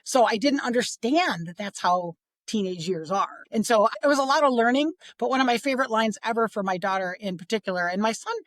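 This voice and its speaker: A middle-aged woman talking about parenting on a podcast, chatty and expressive, sometimes acting out what others said. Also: a little high, brisk, few pauses, no echo. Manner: chatty, expressive, acts out quoted voices. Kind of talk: casual podcast conversation.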